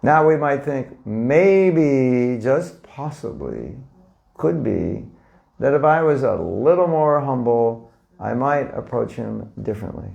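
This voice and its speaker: Gravelly-voiced man giving a casual talk. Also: medium pitch, lively intonation, takes it slowly, darkish tone. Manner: conversational, asks the audience questions, acts out little scenes. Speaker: spiritual teacher. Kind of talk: informal lecture to a live audience.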